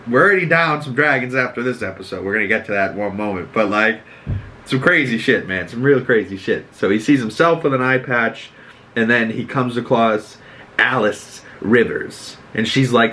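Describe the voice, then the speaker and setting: A man's voice: medium pitch, moderate pace, a bit bright, a little hiss or hum. A young man from Boston, hosting a podcast and giving a casual, rambling recap with frequent swearing and filler words. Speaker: podcast host.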